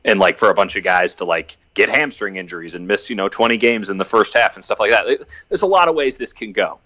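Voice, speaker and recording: Lively low-voiced man, laughing podcast talk. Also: no echo. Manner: laughs often, halting restarts, animated. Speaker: podcast guest. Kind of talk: casual sports podcast chat.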